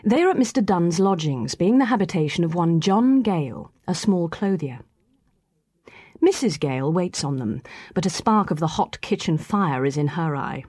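A woman narrating a classic novel aloud in a measured, storytelling manner. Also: lowish voice, lively intonation, a little mellow, slightly rough, dry recording, clean studio sound. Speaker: audiobook narrator. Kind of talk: scripted reading of a classic novel.

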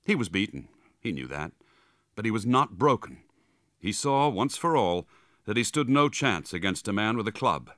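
A man reading a story aloud in a lower register, his delivery dramatic and vivid with a wide, lively swing of pitch. His tone is bright and forceful in a close, dry recording. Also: normal speed, no room sound. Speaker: audiobook narrator. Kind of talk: scripted narration.

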